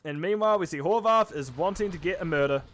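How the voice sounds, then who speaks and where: A man casting a live esports match with quick, chatty play-by-play commentary, often correcting himself mid-sentence. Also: high voice, a bit bright, slight background noise. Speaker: esports caster.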